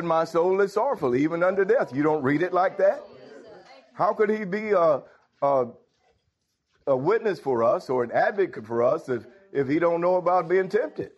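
A man's voice: animated, moderate pace, highs cut off. Preacher man with swinging rhetorical delivery. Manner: rhetorical questions, swings from low murmurs to loud exclamations. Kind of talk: sermon.

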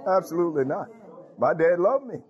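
Laughing, animated man preaching a sermon. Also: high-pitched, a little fast. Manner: animated preaching with frequent laughs and call-outs. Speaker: pastor. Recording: dull lo-fi sound.

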